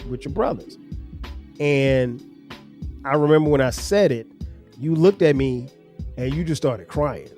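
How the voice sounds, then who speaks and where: In a mellow, medium-pitched voice, a middle-aged podcast host talks earnestly about fatherhood and bringing up his kids. The conversation is reflective, with stories, acted-out examples and many restarts.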